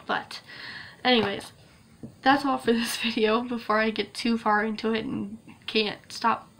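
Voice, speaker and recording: A young woman talks to her camera in a casual vlog, gushing and teary, with frequent little laughs. Her voice sits a bit high and carries a gravelly fry. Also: steady tone, a little slow, fairly bright tone, a little hiss or hum. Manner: emotional, gushing, laughs often, many fillers. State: tearing up. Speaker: vlogger.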